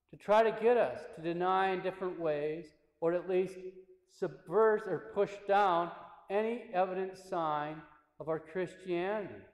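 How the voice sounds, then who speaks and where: A priest delivers a sermon in a measured, reverent way, pausing and restarting now and then. His voice sits a little high for a man. The church around him is roomy, with a long, lingering reverb. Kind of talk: sermon with read excerpts.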